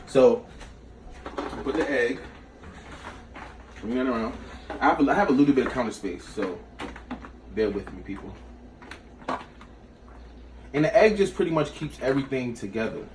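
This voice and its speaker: A man's voice: mid-range voice, expressive, normal speed, long pauses, a little mellow, far from the mic. A man talks through a recipe in a small home kitchen, loose and slangy, breaking off into side stories. He sits back from the mic, so the room echo is strong. A faint noise runs underneath. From New York. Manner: slangy, chatty, jumps between recipe and stories. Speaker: cooking show host. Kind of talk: casual cooking vlog storytelling.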